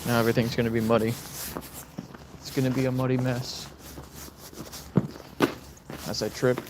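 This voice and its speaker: A man giving casual running commentary at a dog rescue, chatting to camera and talking to his dogs in a high sing-song voice. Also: level tone, moderate pace. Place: outdoors and indoors at a dog rescue, with dogs around. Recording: loud background noise, dogs barking.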